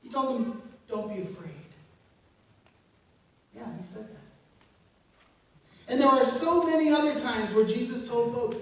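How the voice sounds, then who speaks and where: A woman's voice: fairly high pitch, animated, a little slow, pauses often. Joking pastor woman, echoey far church. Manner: conversational and humorous, with laughs. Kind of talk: sermon. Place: church sanctuary. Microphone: distant room mic.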